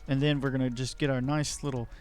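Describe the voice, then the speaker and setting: Male let's play host, middle pitch, rambling and jokey, faint music behind. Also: flat delivery, fast talker, darkish tone, clean tone. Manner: rambling, jokey, self-deprecating. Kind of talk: casual gameplay commentary.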